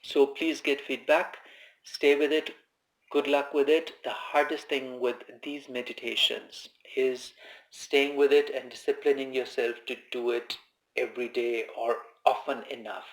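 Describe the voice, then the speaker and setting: A man giving informal spoken meditation instruction, calm and conversational, who repeats his key phrases. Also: mid-range voice, unhurried. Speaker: meditation teacher. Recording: echoey room.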